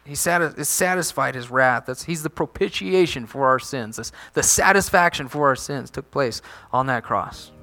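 A man preaching a sermon as a pastor, animated, asking the congregation rhetorical questions and often restarting his sentences. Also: medium pitch, moderate pace, few pauses.

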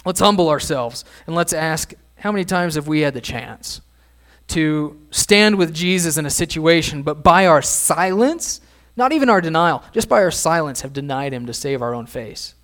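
Conversational man preaching, higher voice. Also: animated, normal speed, a bit bright. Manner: conversational preaching, asks the audience questions. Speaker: pastor. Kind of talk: sermon.

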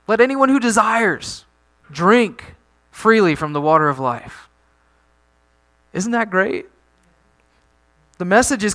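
Preaching in a high-pitched voice, an animated pastor poses rhetorical questions to his congregation. He frequently starts his sentences over as he goes.

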